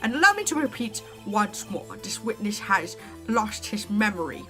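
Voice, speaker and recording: A woman's voice: medium pitch, sing-song, moderate pace, a bit bright, faint music behind. A woman voicing an arrogant, cold older male prosecutor in a courtroom video game, clipped and condescending.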